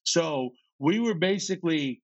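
A man guest on a podcast, telling an animated story in casual speech, acting out other people's lines and tripping over repeated words when excited. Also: on the high side, unhurried, dry recording. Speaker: podcast guest, startup founder. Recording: slightly muffled, dry.

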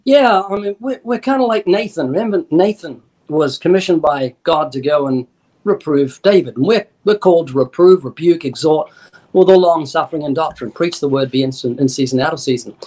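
A man's voice: fairly high pitch, fairly quick, darkish tone. A man being interviewed as an evangelist, explaining in an earnest, emphatic preaching style and acting out little dialogues. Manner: earnest, emphatic, quotes scripture and acts out dialogue. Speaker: evangelist guest.

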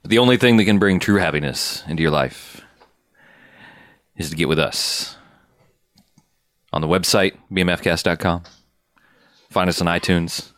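A man co-hosting a podcast, reading the show's contact details in an over-the-top pitchman delivery. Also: moderate pace, long pauses, fairly bright tone, clean tone, no echo, clean studio sound. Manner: mock-grandiose pitchman delivery for plugs. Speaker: podcast co-host. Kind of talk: casual chat.

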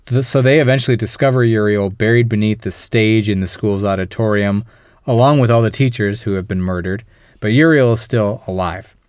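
A man with a smooth, clear voice at an ordinary pitch co-hosts a casual film podcast. He walks through the plot step by step and slips into the characters' lines as he goes. The sound is close and dry, with no room around it. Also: a little fast, darkish tone, no room sound. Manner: recaps the plot in detail, acts out characters' lines. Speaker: podcast co-host.

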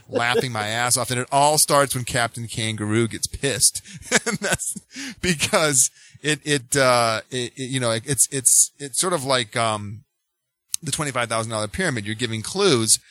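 A man co-hosting a podcast in casual chat, animated and giggly, with stumbling restarts. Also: medium pitch, no room sound. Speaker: podcast co-host.

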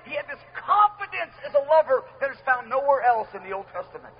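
A man preaching a sermon to a live audience in an earnest, emphatic way, repeating key phrases. His voice sits very high for a man. The recording is dull and lo-fi with a faint hiss. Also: sing-song, brisk, hardly any pauses.

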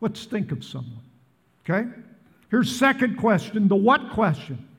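A man's voice: high voice, big pitch swings, measured pace, fairly bright tone, husky, in a large hall. A man in his seventies from the Midwest, preaching a sermon to a large church and asking the crowd questions again and again. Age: 70s. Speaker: pastor. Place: large church in northern Colorado.

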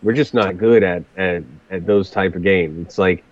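A man's voice: sits low, moderate pace, muffled recording. A man chatting casually about games, often repeating words as he starts sentences. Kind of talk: casual chat.

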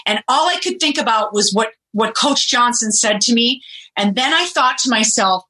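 A middle-aged woman, a guest on a podcast, telling stories in a lively way and laughing often. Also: on the high side, moderate pace, low-quality recording. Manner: animated storyteller, laughs often. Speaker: guest, former reality show contestant. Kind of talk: casual podcast interview.

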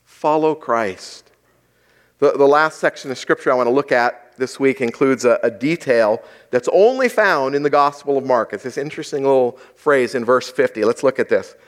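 A pastor delivering a sermon in a conversational way, asking the congregation rhetorical questions. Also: male voice, medium pitch, a little fast, few pauses.

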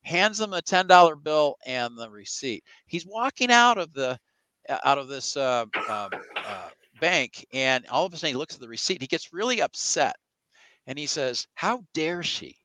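Bright, earnest male storyteller in dry sound. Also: a little high, big pitch swings, moderate pace, no room sound, poor audio. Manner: earnest storyteller who acts out quoted voices. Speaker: evangelical Christian guest. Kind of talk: conversational interview.

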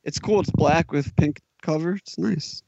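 A man's voice: a little high, unhurried, creaky, a little mellow, no room sound, highs cut off. A man co-hosting a casual podcast chat with offhand jokes. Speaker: podcast co-host.

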